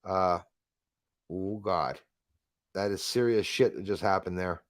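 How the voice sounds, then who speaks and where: A man's voice: low-pitched, slow pace, dry recording, studio quality. Chatty male livestream host. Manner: chatty, swears casually, greets viewers by name. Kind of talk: casual live stream chat.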